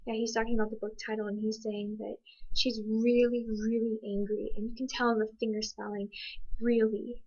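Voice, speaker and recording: A woman giving thoughtful, hesitant commentary on a signed video, pausing often with ums. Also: on the high side, little pitch movement, darkish tone, breathy edge, dull audio. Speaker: interpreting student.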